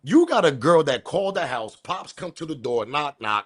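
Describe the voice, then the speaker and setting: A man hosting a commentary video, ranting about the news with profanity and loud emphatic bursts. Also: a little high, expressive, normal speed. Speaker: commentary channel host.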